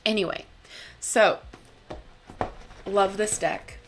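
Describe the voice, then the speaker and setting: A young woman in a casual live-stream chat, talking in a bubbly, rambling way. She laughs often and fills her pauses with little ums. Her voice sits at an ordinary middle pitch. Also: steady tone, slight background noise. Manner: chatty, bubbly, laughs often, many fillers. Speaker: tarot channel host.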